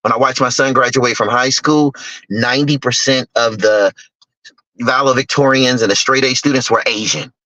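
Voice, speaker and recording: A man's voice: medium pitch, fairly even intonation, moderate pace, bright, forceful tone, no echo. A middle-aged man telling personal stories in an emphatic, candid way, acting out other people's lines. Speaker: guest speaker, investor. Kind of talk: personal storytelling talk. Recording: dull lo-fi dry recording.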